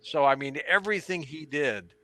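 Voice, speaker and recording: A man's voice: a little high, normal speed. A man in his seventies, a radio talk show host, telling anecdotes as a guest in an interview and acting out the people he quotes. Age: 70s. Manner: animated anecdotal storyteller who acts out quotes. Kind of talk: storytelling interview on stage.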